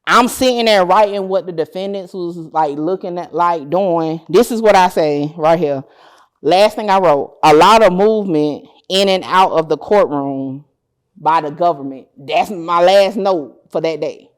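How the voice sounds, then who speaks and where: A woman's voice: on the low side, unhurried. A woman in an interview seat tells a long story in a loose, casual way. She swears freely and slips into the voices of the people she is quoting, giving the tale an acted-out feel. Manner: animated, acts out dialogue, swears freely. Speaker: interview guest, court-case content creator.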